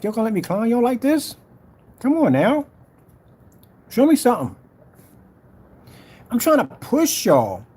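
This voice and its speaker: A vlogger selling projector screen paint rants casually to camera, boasting, repeating himself and daring his rivals. His high voice is mellow and husky, and his manner is full of trash talk and challenges.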